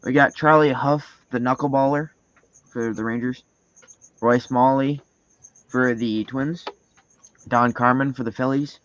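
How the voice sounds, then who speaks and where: A man's voice: medium pitch, a little slow, pauses often, no echo, muffled recording. Canadian man reading off cards. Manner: reads off cards in a steady listing rhythm. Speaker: card break host. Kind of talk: live stream card break.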